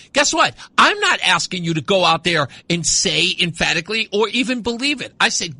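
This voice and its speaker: A man's voice: sits high, sing-song, normal speed, creaky, hardly any pauses, pushed and bright, breathy edge, dry recording. A man hosting a call-in radio talk show, arguing insistently with a caller and repeating his points. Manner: insistent, argumentative, repeats himself. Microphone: studio mic.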